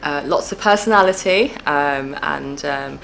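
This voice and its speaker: Enthusiastic female sociology teacher, low voice. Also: unhurried, vocal fry, a bit bright, a little hiss or hum, poor audio. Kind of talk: interview about teaching.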